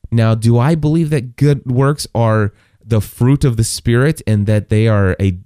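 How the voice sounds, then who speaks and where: A man's voice: mid-range voice, dark tone, no room sound, studio quality. A man preaching a sermon in a casual, conversational way, with many restarts and bursts of passionate emphasis. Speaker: pastor.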